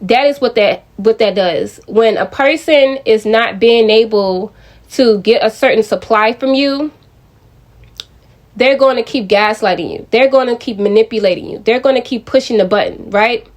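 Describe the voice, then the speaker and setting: A young woman talks straight to her viewers in a casual vlog. Her voice sits a little high, and her delivery is chatty, with frequent restarts as she tells a personal story. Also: moderate pace. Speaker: vlogger.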